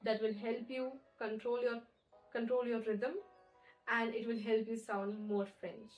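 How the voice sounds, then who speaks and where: A woman teaching French pronunciation in an online lesson, explaining clearly and slowing down to model words. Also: on the high side, flat delivery, highs cut off, faint music behind.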